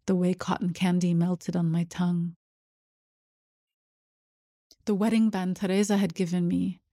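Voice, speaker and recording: Low, even-voiced woman narrating. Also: no room sound, clean studio sound. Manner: measured, even storytelling. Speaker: audiobook narrator. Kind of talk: scripted first-person narration.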